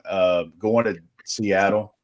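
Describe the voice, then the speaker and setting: A man's voice: fairly low pitch, fairly even intonation, slow pace. A middle-aged man casually telling a rambling story, acting out what each person said. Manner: rambling anecdotal with quoted dialogue. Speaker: recruiting reporter.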